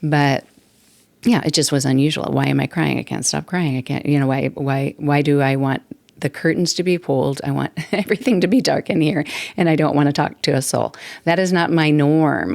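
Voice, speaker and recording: A woman's voice: sits low, creaky, a little mellow, dry recording. A woman in her sixties hosting a podcast, talking casually and rambling, with frequent laughs. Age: 60s. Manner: chatty, rambling, laughs often. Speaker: podcast host. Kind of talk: casual solo talk. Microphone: desktop mic at computer.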